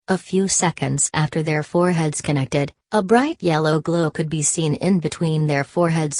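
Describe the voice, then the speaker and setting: Low-voiced woman reading a novel. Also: darkish tone, no room sound. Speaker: audiobook narrator. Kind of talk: scripted narration.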